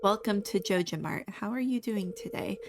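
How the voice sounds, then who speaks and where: A woman's voice: medium pitch, moderate pace, background noise, close to an everyday voice. A woman reading aloud the lines of a male corporate store clerk in a salesy, upbeat way.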